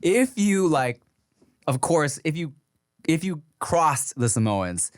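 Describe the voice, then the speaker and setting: A man's voice: on the high side, big pitch swings, slow pace, dry recording, clean studio sound. A man in his thirties hosting a podcast, chatting casually and teasing his guest. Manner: playful, teasing, asks questions. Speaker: podcast host.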